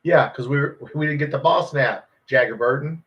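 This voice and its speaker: A man's voice: mid-range voice, normal speed. A man hosting a live football watch party, reacting to every play with frustration and swearing at players and referees. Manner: frustrated, swearing, yelling at the game. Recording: dull lo-fi stream audio.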